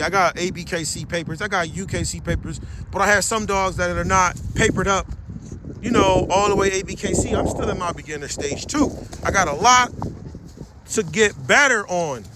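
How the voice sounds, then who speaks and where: A middle-aged man, a dog breeder, giving blunt, slangy, preachy advice in an outdoor vlog rant. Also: high-pitched. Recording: loud wind and boat noise.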